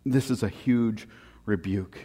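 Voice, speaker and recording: A man preaching a sermon in an animated, joking way, swinging from loud punchy lines to very quiet ones. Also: fairly low pitch, slow, in a large hall. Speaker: pastor.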